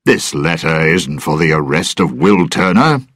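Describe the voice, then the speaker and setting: A man's voice: extremely low pitch, expressive, unhurried, fairly bright tone, breathy edge, no echo, clean studio sound, exaggerated voice. Indignant older governor, as a man reads him.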